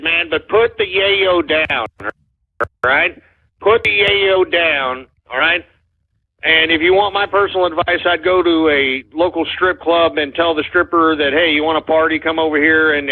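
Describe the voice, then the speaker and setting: A man's voice: fairly high pitch, slightly rough. A Texan man hosting a call-in radio show, brash and combative with callers. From Texas. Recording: muffled, phone-like radio stream.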